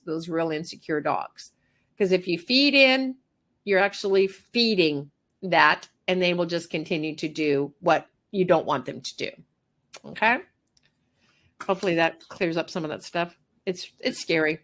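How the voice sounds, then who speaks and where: A middle-aged master groomer woman giving a workshop talk, animated, repeating phrases and acting out little dialogues. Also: fairly low pitch, unhurried.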